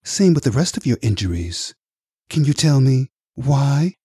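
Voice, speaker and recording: A man voicing a sharp, calculating female agent and psychologist in her forties in an audiobook, probing and measured. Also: medium pitch, big pitch swings, breathy edge, dry recording, clean studio sound, voice pushed up, exaggerated voice. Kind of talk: audiobook character voice.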